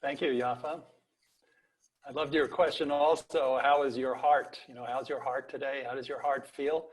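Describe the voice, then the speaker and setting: A man's voice: mid-range voice, fairly even intonation, normal speed, slight background noise, rough recording. A man co-presenting an online workshop, speaking reflectively with some restarts. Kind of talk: conversational presenting.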